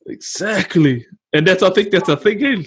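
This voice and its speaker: Host, male, New Zealand accent, slightly high and husky voice, relaxed slangy banter. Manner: laid-back slang-heavy banter, quick to laugh. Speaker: podcast host. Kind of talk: casual chat.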